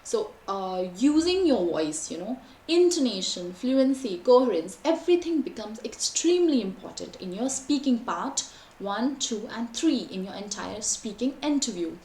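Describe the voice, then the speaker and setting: A young woman teaching an online exam-prep lesson, with lively, varied intonation and frequent fillers. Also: a little high, moderate pace. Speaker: IELTS teacher. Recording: echoey room, faint background noise.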